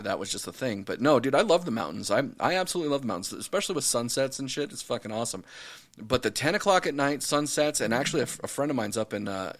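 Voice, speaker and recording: A man from Nevada co-hosting a podcast, talking in laid-back, casual chat with casual swearing. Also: mid-range voice. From Nevada, USA. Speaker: podcast co-host.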